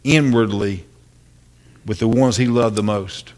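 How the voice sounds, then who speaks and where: A man's voice: on the low side, unhurried. Older guy pastor, earnest heartfelt sermon, lots of repeats and "right?" questions. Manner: earnest, impassioned preaching with repeated phrases and rhetorical questions.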